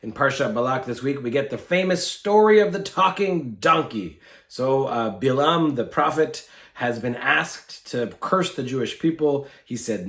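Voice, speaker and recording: A man giving a brief weekly sermon, retelling a story in a lively, informal way with fillers, recorded in an echoey room. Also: mid-range voice, moderate pace. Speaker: clergy giving a weekly Torah talk. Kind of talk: short sermon, conversational storytelling.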